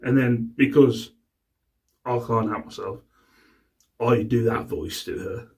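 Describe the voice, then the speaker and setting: A man's voice: medium pitch, slow, a little mellow, far from the mic. A middle-aged man, casually rambling to camera about his day and his resale finds, exasperated and swearing freely. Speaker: reseller vlogger. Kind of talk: casual vlog chat.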